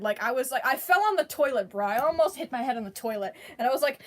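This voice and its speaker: A woman with a voice a little above the usual pitch tells a story straight to camera. She rambles, drops slang, restarts her sentences and keeps breaking into laughter as she goes. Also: lively intonation, rapid-fire, few pauses. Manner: breaks into laughter while telling it. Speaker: vlogger. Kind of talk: casual storytelling.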